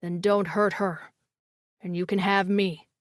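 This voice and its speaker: A woman voicing a dangerous, protective male alien fire warrior in an audiobook, with a low, growling, hoarse voice. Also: flat delivery, a little slow, dry recording, studio quality, lightly acted. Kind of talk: audiobook character voice.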